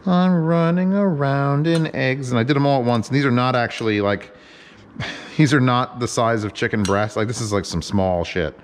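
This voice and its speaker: A man's voice: medium pitch, fairly quick, a little hiss or hum. Joking, swearing man cooking at home. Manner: joking, profane, rambling commentary. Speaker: home cook host. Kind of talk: casual cooking vlog. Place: home kitchen.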